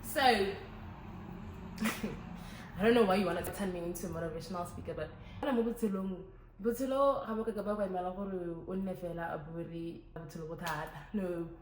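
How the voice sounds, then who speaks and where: Young woman, casual chat to camera, animated, echoey room. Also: on the low side, fairly quick. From Botswana. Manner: chatty, animated, switches languages. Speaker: vlogger. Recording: echoey room, faint ambient noise.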